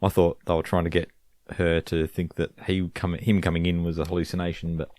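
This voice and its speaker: Deep-voiced laid-back podcast man. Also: little pitch movement, brisk, darkish tone, no room sound, studio quality. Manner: laid-back, brief reactions. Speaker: podcast co-host. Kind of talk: casual chat.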